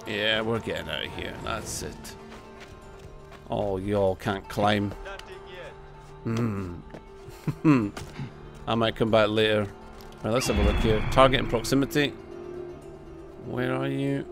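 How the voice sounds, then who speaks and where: A man with a mid-range voice hosts a let's play, giving excitable commentary on the gameplay while swearing and humming tunes over the game music.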